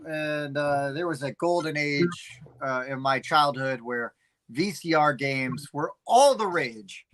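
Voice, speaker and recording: A middle-aged man co-hosting a casual chat, telling rambling, animated stories with plenty of fillers. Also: on the high side, takes it slowly, rough recording. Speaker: podcast co-host.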